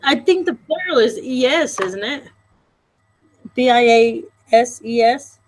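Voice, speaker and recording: A woman's voice: on the high side, lively intonation, a little slow, low-quality recording. A tired woman in a casual study group discussion, teasing and sarcastic. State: tired, up since early morning.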